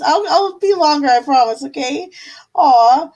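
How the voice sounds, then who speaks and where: A woman's voice: high-pitched, animated, measured pace, darkish tone, lo-fi sound. Chatty, affectionate woman tarot streamer. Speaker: tarot reader and live-stream host. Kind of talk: casual live-stream chat with tarot reading.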